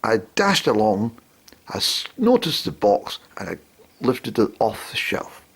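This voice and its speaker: A man telling a rambling comic story, hesitating with lots of ums, in a raspy, creaky voice. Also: on the low side, very animated, unhurried, a bit bright.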